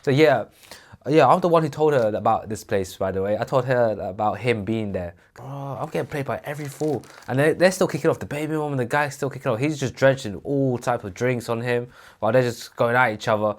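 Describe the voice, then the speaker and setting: A man co-hosting a podcast, telling a story in a casual, animated way and acting out the people in it. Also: mid-range voice, fairly quick. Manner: animated, acts out voices in his story. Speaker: podcast co-host.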